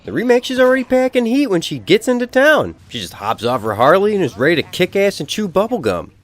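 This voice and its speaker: A man's voice: high-pitched, fast talker. A man giving a comedic, profane game review voice-over. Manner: profane, animated.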